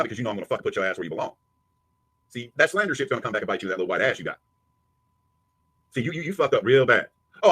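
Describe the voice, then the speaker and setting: A man's voice: lowish voice, fairly bright tone, breathy edge. A man hosting a livestream, taunting and cursing in heated commentary aimed at a rival. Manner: taunting, profane, mocking. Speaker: livestream host.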